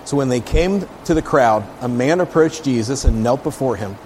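A man's voice: medium pitch, expressive, moderate pace, darkish tone, a little hiss or hum. A man preaching in a casual, conversational way, reading scripture aloud with emphasis and often checking in with his listeners. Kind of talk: casual Bible teaching.

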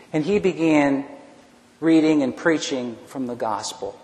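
A man with a fairly high voice tells his own story from the pulpit, animated and full of restarts. The sound rings through a large hall with a long reverb tail. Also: a little slow. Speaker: preacher. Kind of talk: personal testimony sermon.

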